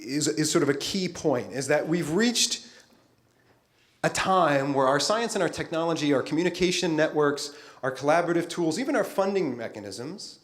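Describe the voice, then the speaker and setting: A middle-aged man giving a conference keynote as a futurist, playful and talking straight to the audience. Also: fairly high pitch.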